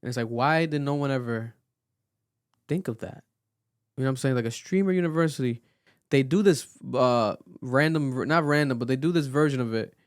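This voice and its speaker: A man on a podcast, talking in a loose, animated way with many fillers and restarts. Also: mid-range voice, moderate pace, clean tone, no echo, studio quality. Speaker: podcast co-host. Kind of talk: casual podcast chat.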